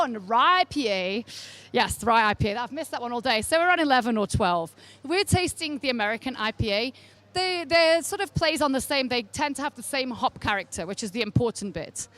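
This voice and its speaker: A woman's voice: high voice, fairly bright tone. A woman from England teaching a beer tasting class into a handheld microphone, chatty and wry with asides to her group. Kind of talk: informal tasting class talk. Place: tasting session with a live group.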